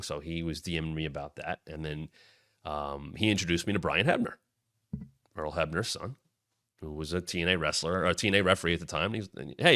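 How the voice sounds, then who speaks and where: A man in his thirties tells stories in a low, forceful voice recorded dry and close. He rambles and restarts, then punches up quoted lines with sudden loud bursts. The tone is animated and casual. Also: no echo. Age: 30s. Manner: rambling, with frequent restarts and asides. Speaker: show host. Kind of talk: casual storytelling.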